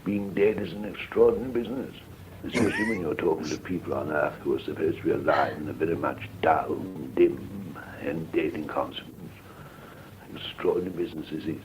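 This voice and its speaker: A witty dead gentleman speaks in droll, polished epigrams, voiced through a medium. His voice is extremely deep. Loud hiss from old seance tape sits under it. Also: wildly swooping pitch, brisk, exaggerated voice. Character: witty, drawling dead male gentleman spirit. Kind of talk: archival seance recording. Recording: noisy hissing archive tape.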